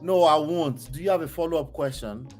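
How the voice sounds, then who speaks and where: A middle-aged man hosts a heated panel debate in a high voice. He is openly emotional and presses the same question again and again. Faint music sits behind him. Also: brisk. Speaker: host.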